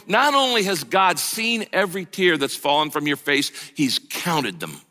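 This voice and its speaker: A middle-aged male pastor preaching a sermon, emphatic, slowing down and dropping low on key lines. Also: big pitch swings, sharp tone. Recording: long reverb of a large hall.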